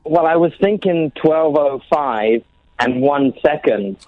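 A man calling in to a radio phone-in, laid-back and deadpan. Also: a little high, slow. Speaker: caller. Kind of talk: phone-in call. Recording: dull phone line.

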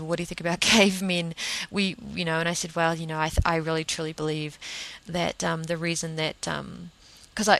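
A woman's voice: fairly low pitch, vocal fry, fairly bright tone, poor audio. Chatty woman telling a rambling story. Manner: chatty, rambling, full of restarts and fillers. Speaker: vegan advocate telling a story. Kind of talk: casual monologue, anecdote.

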